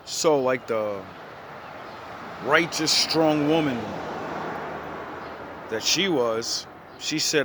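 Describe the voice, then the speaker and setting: A man's voice: fairly high pitch, drawn-out words, long pauses, noisy background. A man casually retelling an old story in his own words, blunt and full of profanity and slang.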